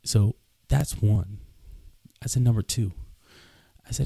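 Twenties man, low gravelly husky voice, earnest podcast storyteller who acts out dialogue. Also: steady tone, a little slow, warm tone, no echo. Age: 20s. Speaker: podcast host. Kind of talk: casual storytelling.

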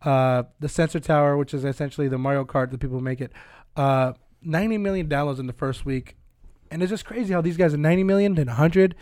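Fast-talking man, rambling podcast chat. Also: fairly high pitch, darkish tone, dry recording, studio quality. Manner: rambling, fast, laughs often, repeats himself. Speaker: podcast co-host. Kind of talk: casual group chat. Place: soundproof studio room.

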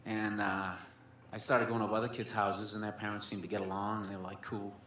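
This stand-up comic tells a wandering story at a comedy club, constantly cursing and using filler words. He speaks briskly in a low, level, slightly bright voice, recorded in an echoey room with faint ambience and a little hiss or hum.

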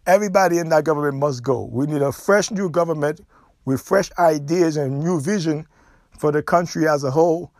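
A middle-aged man with a Haitian accent talks through a solo podcast monologue, pressing each point and circling back to repeat it. His voice sits somewhat high for a man. The sound is dry and close, with no room around it. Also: a little fast, darkish tone, no room sound. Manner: emphatic, repeats points, nonstandard grammar. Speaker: podcast host.

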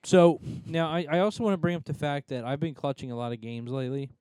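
A young man co-hosting a podcast, teasing and arguing in excitable, casual banter. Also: a little high, fast, clear, resonant tone, dry recording. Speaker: podcast co-host.

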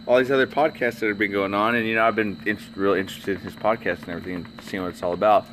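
A man's voice: fairly low pitch, fairly even intonation, very fast, a bit bright, a little hiss or hum. A man hosting a podcast, chatting casually, joking, swearing and trailing off mid-sentence. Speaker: podcast host.

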